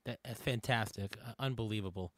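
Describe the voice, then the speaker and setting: A male interviewer reacting with admiration, speaking haltingly with many restarts. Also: on the low side, no room sound, clean studio sound.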